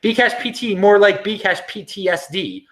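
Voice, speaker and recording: Man, American, middle-aged, livestream host, casual chat, animated, expressive pitch. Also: measured pace. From United States. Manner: animated, chatty, laughs often, many restarts. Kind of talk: casual livestream chat reading viewer comments.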